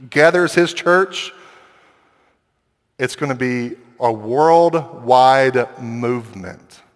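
Animated preacher in a reverberant hall. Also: male voice, a little high. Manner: conversational, animated, quick asides and acted quotes. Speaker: pastor. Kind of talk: sermon.

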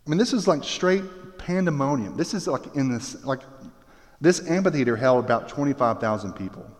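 A man preaching a sermon in an animated way, with jokey asides and acted-out voices. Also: mid-range voice, moderate pace, long reverb tail. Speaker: pastor.

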